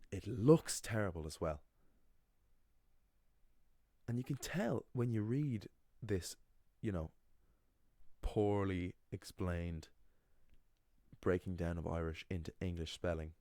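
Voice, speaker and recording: Explaining Irish pronunciation, a man with a low, mellow voice is emphatic and critical about frequent errors and keeps restarting. There's no echo.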